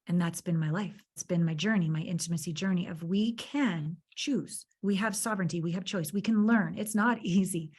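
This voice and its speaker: A woman's voice: on the low side, moderate pace, hardly any pauses, darkish tone, breathy edge. A woman guest on a podcast interview, talking earnestly and from the heart and building her stories with emphatic repetition. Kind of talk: conversational interview storytelling.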